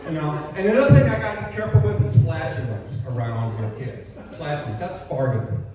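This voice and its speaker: A man's voice: on the high side, animated, brisk, crowd noise. An older man doing a self-deprecating stand-up comedy set, delivering punchlines on a small coffee house stage. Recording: echoey, distant, dull, noisy room recording. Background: audience laughter and room ambience.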